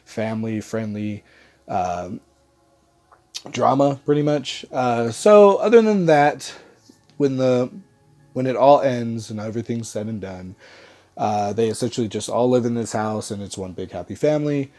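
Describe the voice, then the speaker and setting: A man's voice: mid-range voice, lively intonation, measured pace, a little mellow. A young man with a stuffy, congested nose from a cold, giving a loose, rambling movie review with lots of "uh" fillers. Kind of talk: casual spoken movie review.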